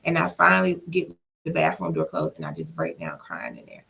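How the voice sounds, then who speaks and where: A woman's voice: a bass voice, big pitch swings, brisk, gravelly, bright, forceful tone, a little hiss or hum. A woman guest on a podcast, retelling a painful experience from her past. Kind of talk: personal storytelling.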